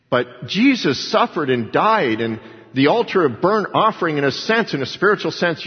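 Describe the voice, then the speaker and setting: A man with a husky, slightly breathy voice preaching to a congregation, his words rising into emphatic swells as he acts out the people he quotes. The recording is dull and lo-fi, and a long reverb trails off each phrase as it rings through the church sanctuary. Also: fairly high pitch. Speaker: pastor. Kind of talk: sermon.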